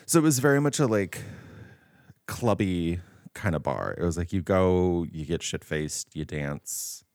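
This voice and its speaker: Low-voiced man telling a story. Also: unhurried, no room sound, clean studio sound. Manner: laughs often, animated and camp. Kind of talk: casual chat, storytelling.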